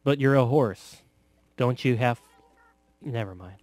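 A man casually commenting on a video game, joking sarcastically with bursts of loud laughter. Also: mid-range voice, slow. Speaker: gameplay commentator. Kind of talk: casual let's play commentary.

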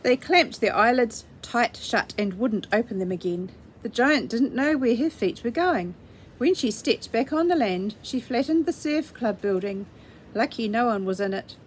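A woman reading a children's storybook aloud in a gentle, measured way. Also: a little high, expressive, a little hiss or hum.

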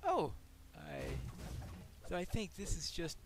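A man with a fairly high voice talks casually through gameplay on a desk mic. He reacts aloud and mutters to himself as he goes. A faint room ambience sits behind him. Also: wildly swooping pitch, slow pace, background noise. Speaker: gameplay commentator. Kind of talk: casual let's-play commentary.

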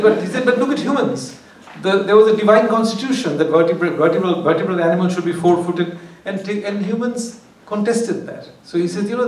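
A man's voice: fairly high pitch, a little mellow, a little hiss or hum. A man giving an academic lecture, discursive and wry, often restarting his phrases. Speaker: guest lecturer. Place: lecture hall. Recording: echoey hall, far from mic, faint ambience.

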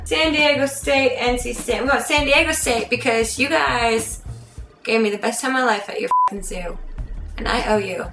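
A woman's voice: a little high, a bit bright, echoey room. A woman vlogger from near Philadelphia, chatting casually with playful, sarcastic asides. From United States, near Philadelphia. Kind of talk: casual jokey vlog.

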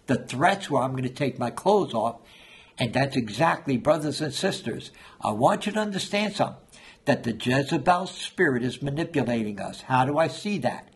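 A man preaching with a slightly husky, somewhat high voice. He tells stories from the pulpit and takes on the voices of the people in them as he goes. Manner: storytelling preacher, acts out quoted voices. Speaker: pastor. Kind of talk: sermon.

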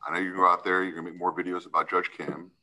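A man's voice: low voice, level tone, rapid-fire, pushed and bright, slight background noise, poor audio. A man serving as a judge, sternly lecturing a defendant in a courtroom hearing and often tagging his points with "right?".

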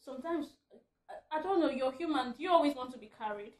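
Woman vlogger, high voice, ranting and laughing, echoey room at home. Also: fast. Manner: animated, laughing mid-rant. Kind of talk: ranting vlog.

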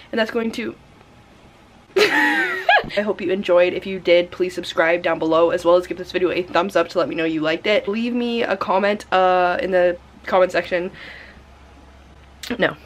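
In this poor-quality recording with a slight hiss or hum, a young woman with a fairly low voice chats casually to her camera. She's a lifestyle vlogger who rambles on, peppering her talk with "like" again and again.

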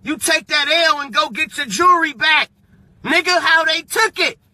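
A man in a profane, mocking rant to his viewers, sometimes bursting into shouts. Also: very high voice, moderate pace, dry recording. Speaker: vlogger. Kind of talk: ranting monologue.

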